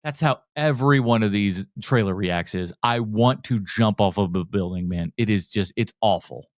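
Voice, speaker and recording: On a movie podcast, a man with a lowish voice rants about a trailer ad, sounding sarcastic and exasperated. He speaks at a moderate pace, and the recording is dry with clean studio sound.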